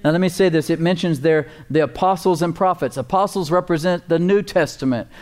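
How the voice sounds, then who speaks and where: A man's voice: fairly high pitch, fairly quick, darkish tone. Emphatic male pastor preaching. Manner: emphatic preaching with call-and-response asides; repeats words for emphasis. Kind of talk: sermon.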